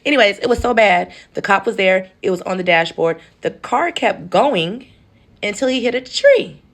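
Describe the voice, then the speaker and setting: A storytelling content creator tells a story in a casual vlog, chatting with her viewers as though they were family and voicing the people in her story differently. Her voice is mid-range with lively intonation at a moderate pace.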